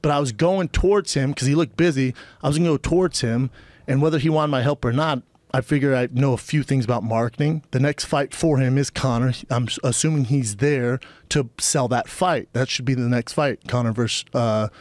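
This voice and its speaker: A man's voice: mid-range voice, dry recording. A man in his thirties, a podcast guest in a casual chat, telling a story with energy and acting out what each person said. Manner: animated storyteller, acting out quoted exchanges.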